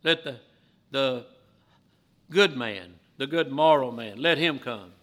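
A man preaching a sermon with fervor, his voice swinging from loud, emphatic lines to hushed ones. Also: medium pitch, slow pace.

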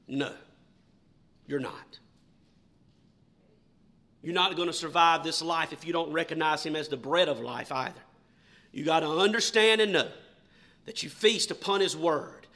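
A man's voice: high-pitched, pushed and bright. A male pastor preaching a sermon with emphatic delivery, asking the congregation questions and reading scripture aloud.

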